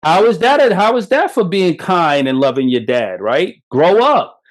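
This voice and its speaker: A middle-aged man from Brooklyn, hosting a podcast, speaking bluntly with profanity and animated storytelling. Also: fairly high pitch, measured pace. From Brooklyn, New York. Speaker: podcast host. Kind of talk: motivational monologue.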